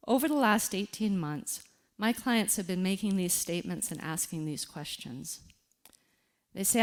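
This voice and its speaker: A woman giving a reflective talk on grief, speaking deliberately and guiding listeners through a quiet exercise with pauses. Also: mid-range voice. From Canada.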